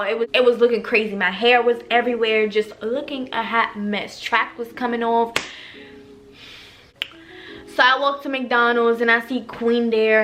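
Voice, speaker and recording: Slangy animated young woman telling a story. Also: fairly high pitch. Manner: animated, slangy, swears freely, talks to viewers as "y'all". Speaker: vlogger. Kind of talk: casual storytime. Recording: faint background music.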